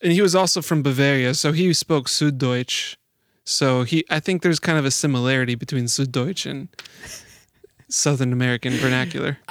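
A man co-hosting a casual conversation, telling stories in a relaxed way and agreeing often. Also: mid-range voice, normal speed, dry recording, clean studio sound. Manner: relaxed storyteller, affirming often. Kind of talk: casual chat.

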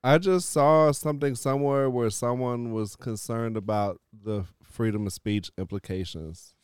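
A man's voice: medium pitch, normal speed, smooth, dry recording, clean studio sound. A man in a casual podcast chat who talks hesitantly, restarting often and leaning on fillers. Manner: hesitant, filler-heavy, starts with "yo".

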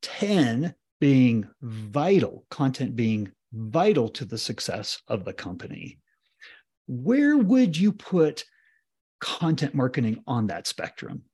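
A man's voice: mid-range voice, big pitch swings, slow, a little mellow, slightly rough. A man hosting a podcast, framing his questions conversationally and often rephrasing mid-sentence. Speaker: podcast host. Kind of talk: interviewing in a business podcast.

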